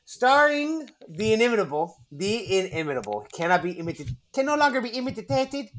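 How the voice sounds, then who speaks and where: A man's voice: high-pitched, big pitch swings, brisk, a bit bright. A man hosting a casual movie podcast, rambling and joking, often repeating his words. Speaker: podcast host.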